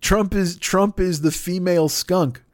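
A man rants on a podcast, swearing freely and mocking the people he talks about, now and then putting on their voices. His voice sits a little high for a man. The recording is dry and close, with no room sound. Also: unhurried, no room sound. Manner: loud, sweary, mocking, acts out other voices. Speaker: podcast host. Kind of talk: profane political rant.

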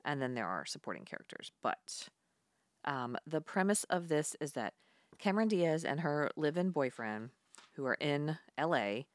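A woman co-hosting a casual chat, blunt and animated, swearing freely. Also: deep voice, moderate pace, dry recording. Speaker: podcast co-host.

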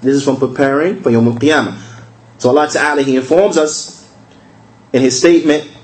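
A man giving a recorded religious lesson in a conversational way. He repeats key phrases, asks rhetorical questions, and slows down to spell out verses. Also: mid-range voice, fairly even intonation, darkish tone, low-quality recording. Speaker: religious teacher.

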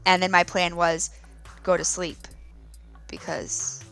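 A woman in her thirties, a podcast co-host, chatting casually and telling stories with lively laughs. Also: fairly low pitch, slow, creaky, no room sound, faint music behind. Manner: animated storytelling with laughs. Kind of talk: casual chat.

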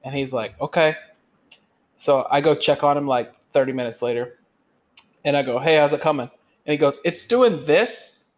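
A man co-hosting a podcast, telling work stories in animated, swear-heavy casual chat. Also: mid-range voice, normal speed, pauses often. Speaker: podcast co-host.

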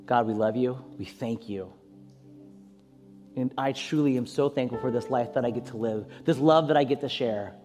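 A man's voice: normal speed, long reverb tail, soft background music. A man preaching as a pastor, then leading an impassioned prayer that swells at its peaks. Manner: impassioned prayer, rising high and loud at peaks. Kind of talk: sermon closing and prayer.

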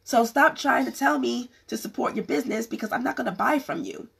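Woman vlogger, gravelly and husky, fading voice, blunt and rambling, casual advice to camera. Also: a little high, animated, fairly quick, fairly bright tone. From California. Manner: frank, rambling with many restarts. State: losing her voice. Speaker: vlogger giving business advice.

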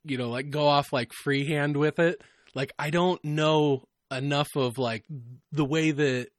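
A man's voice: on the high side, steady tone, unhurried, no room sound, studio quality. A man hosting a podcast, chatting in a loose way, laughing often and using plenty of fillers. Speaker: podcast host. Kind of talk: casual podcast chat.

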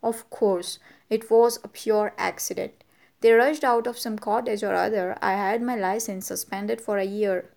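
A woman reading the part of a careless young man who speaks slowly, puzzled and offhand. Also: mid-range voice, fairly even intonation, vocal fry, darkish tone. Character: careless young man, vague and self-centred.

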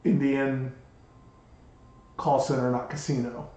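A man's voice: mid-range voice, takes it slowly. A man in his thirties co-hosting a podcast, chatting casually and telling rambling stories with lots of restarts. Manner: rambling, animated storytelling with many restarts. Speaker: podcast co-host. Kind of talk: casual chat. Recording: echoey room, dull lo-fi sound.

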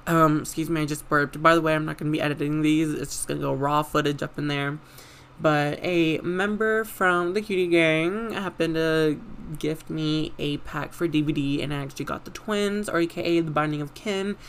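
A man's voice: on the high side, normal speed, clean tone. A young man hosting a casual, unedited podcast, rambling through stories with lots of fillers and casual swearing. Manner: lively, animated retelling. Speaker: podcast host.

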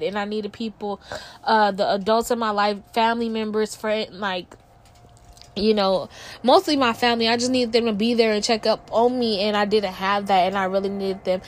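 A young woman hosting a podcast, speaking candidly in a halting, emotional monologue with many fillers and some swearing, close to tears at times. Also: mid-range voice. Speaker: podcast host. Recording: faint background noise.

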